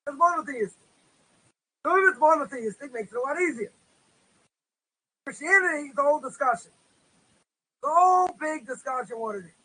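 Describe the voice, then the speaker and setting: In a low-quality recording, a man with a very high, sharp-toned voice teaches a religious course as a rabbi in Israel. It's an informal lecture, casual and thick with "you know," where he tells stories and voices the characters himself.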